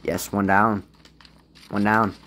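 A man giving casual gameplay commentary as a gaming YouTuber, swinging between low muttering and loud, frustrated outbursts. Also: little pitch movement, slow, noisy background.

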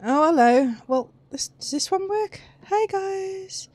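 A woman's voice: very high voice, lively intonation, slow, a little mellow, dry recording. A woman giving casual let's play commentary on a horror game, chatty and reacting with gasps and squeals.

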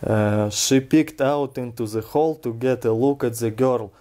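Russian man reading a fairy tale, unhurried, mellow tone, casual and plain. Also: mid-range voice. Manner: relaxed, unexaggerated delivery. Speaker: reader.

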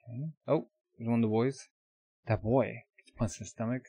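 A man's voice: mid-range voice, fairly even intonation, a little fast, mellow, breathy edge, no echo. Man narrating manga panels live. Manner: describes panels in short bursts with gasps. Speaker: manga reaction streamer.

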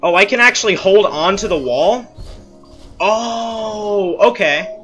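A man's voice: high-pitched, expressive, brisk, fairly bright tone, faint music behind. A young man giving casual gameplay commentary, ranting at the game in frustration and mocking himself. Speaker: let's play gamer.

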